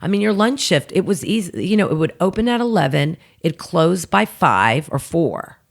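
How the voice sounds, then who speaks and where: A woman comedian with a lowish voice and vocal fry speaks at a normal pace as a guest on a casual podcast. She animatedly tells stories from her work, laughing mid-sentence, acting out the people she quotes and saying "like" a lot.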